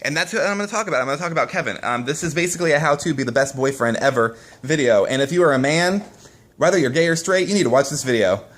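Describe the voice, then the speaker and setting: A man's voice: on the high side, animated, quick pace, fairly bright tone. A young man vlogging straight to camera in casual talk, emotional and upset, swearing often and restarting his sentences. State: upset, shaken. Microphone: camera mic, face-to-face video.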